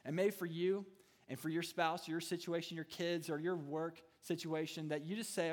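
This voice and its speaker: A man's voice: on the high side, little pitch movement, normal speed. A man preaching a sermon as a student ministry pastor, with playful humorous asides. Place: church hall. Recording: reverberant hall.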